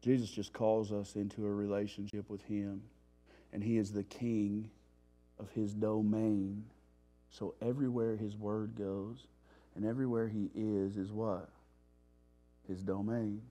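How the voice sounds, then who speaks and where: A man's voice: on the low side, normal speed. Slangy man preaching his testimony in church. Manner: slangy, street-talking storyteller; animated, acts out his own past panic. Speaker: testimony speaker at a recovery revival. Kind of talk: sermon-style testimony.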